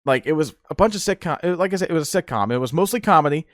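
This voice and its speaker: A man's voice: fairly high pitch, lively intonation, rapid-fire, a bit bright, dry recording, studio quality. A man hosting a podcast, rambling in casual chat with frequent laughs and fillers. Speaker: podcast host.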